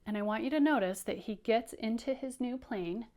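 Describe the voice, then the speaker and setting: A woman teaching young children, reading aloud with an encouraging, animated manner. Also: fairly high pitch, normal speed. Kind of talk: children's read-aloud lesson.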